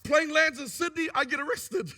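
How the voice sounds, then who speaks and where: Testimony speaker: man, very high and bright voice, lively storyteller. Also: normal speed, vocal fry. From New Zealand. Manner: animated storyteller who acts out what people said. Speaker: guest speaker giving a testimony.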